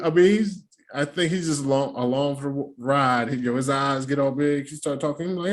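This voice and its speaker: A man's voice: mid-range voice, brisk. A man hosting a reaction video, recapping a reality show in casual, profane, slangy commentary. He laughs often and slips into playful impressions.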